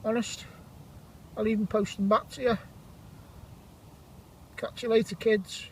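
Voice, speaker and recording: A man in his forties, chatting casually and jokily while metal detecting outdoors, giving shout-outs to friends. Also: high voice, little pitch movement, measured pace, a little hiss or hum, rough recording. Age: 40s. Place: outdoor field.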